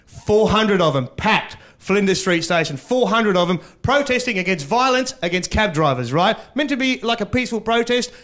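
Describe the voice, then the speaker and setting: A loose, chatty man doing stand-up on stage. His voice sits high and bright, and he often laughs at his own jokes while he works the crowd. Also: animated, normal speed. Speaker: stand-up comedian. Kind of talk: live stand-up comedy. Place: live comedy stage.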